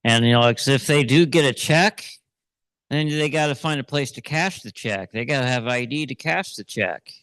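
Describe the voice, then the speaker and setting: A man's voice: mid-range voice, moderate pace, a bit bright, dry recording. A man leading a class, talking casually and often repeating himself. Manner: conversational, repeats himself with fillers. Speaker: class teacher.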